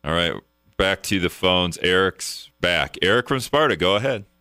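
Casting: radio host, low and bright, wry and casual, dry studio sound. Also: male voice, lively intonation, moderate pace, clean tone, no echo. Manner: wry, casual, chuckles at absurd news. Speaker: radio talk show host. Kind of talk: call-in radio talk, reading news aloud.

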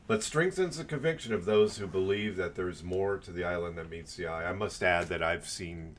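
A man's voice: low-pitched, fairly quick, a little hiss or hum. A man co-hosting a podcast, reading history aloud with dry joking asides. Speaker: podcast co-host. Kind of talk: casual chat and reading aloud.

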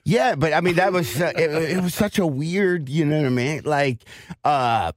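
A man's voice: fairly high pitch, moderate pace, dry recording, studio quality. A comedian in his forties from Michigan, chatting as a radio guest and acting out little scenes as he tells stories. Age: 40s. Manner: animated storyteller acting out scenes. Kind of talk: casual radio chat.

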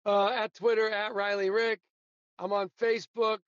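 A man as a guest on a talk show, telling animated anecdotes and laughing often. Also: sits high, moderate pace, dry recording, highs cut off. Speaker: guest storyteller, sportswriter. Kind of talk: casual storytelling interview.

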